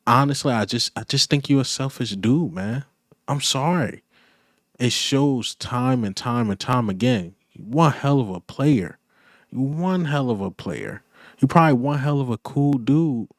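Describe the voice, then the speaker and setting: A man's voice: mid-range voice, no room sound, studio quality. A man hosting a fan channel, giving blunt, repetitive opinion commentary that builds to emphatic points.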